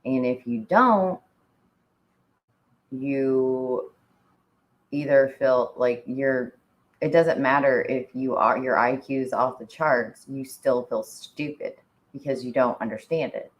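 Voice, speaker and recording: Casual female co-host with a very low voice; chatty, giggly, rambling. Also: takes it slowly, poor audio. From Indiana. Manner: chatty, laughs often, says "like" a lot. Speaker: podcast co-host. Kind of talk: casual chat.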